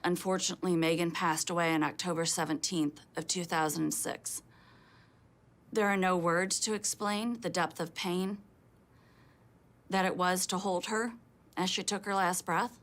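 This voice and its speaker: Mother telling a slow, measured story. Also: on the low side, fairly even intonation, fairly bright tone. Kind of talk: personal testimony. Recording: music playing underneath.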